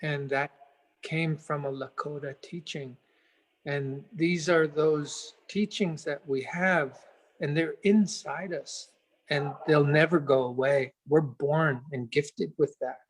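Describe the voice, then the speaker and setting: A man as an interview guest, telling a reflective story in an earnest, unhurried way and pausing to search for words. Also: a little high, steady tone, poor audio.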